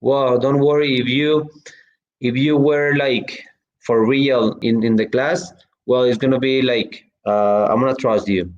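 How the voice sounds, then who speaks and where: A male English teacher with a medium-pitched, steady voice runs an online class, reading out student chat a little slowly. He's chatty, using lots of fillers and restarts, and his audio sounds slightly dull.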